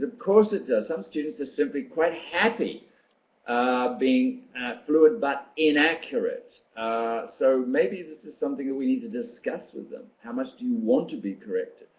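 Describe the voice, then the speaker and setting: An older man leading a teacher-training webinar, reading out participants' comments and reflecting on them in an unhurried, thoughtful way with frequent ums. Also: medium pitch, animated, rough recording.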